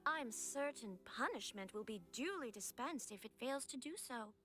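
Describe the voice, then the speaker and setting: A haughty young noble lady speaks with cool imperious formality. Her voice sits high and swoops widely, and faint game music plays behind her. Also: animated, normal speed, fairly bright tone. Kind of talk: game cutscene dialogue.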